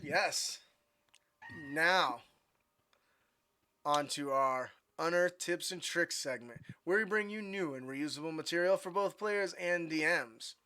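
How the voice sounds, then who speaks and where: A man's voice: fairly high pitch, slow, pushed and bright, clear, resonant tone. A man co-hosting a tabletop gaming podcast, talking casually with many fillers and restarts. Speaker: podcast co-host. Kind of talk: casual chat. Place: home room over the internet.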